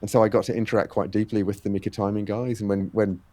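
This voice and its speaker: A man's voice: on the low side, little pitch movement, fast talker, warm tone, no echo. A man being interviewed on a podcast, explaining at length with many fillers and quoted exchanges. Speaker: guest, head of a fitness race series.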